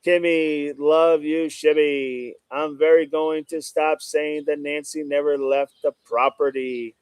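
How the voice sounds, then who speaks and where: A man's voice: fairly high pitch, fairly even intonation, slow, a little mellow, smooth, dry recording. Chatty man hosting a live stream. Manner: greets viewers by name, repeats "no doubt about it". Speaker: livestream host reading chat. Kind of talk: casual livestream chat.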